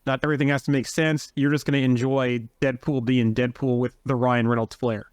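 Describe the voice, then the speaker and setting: A man co-hosting a casual movie review podcast, relaxed and telling stories. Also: mid-range voice, a little fast, clean tone, no room sound, clean studio sound. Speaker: podcast co-host.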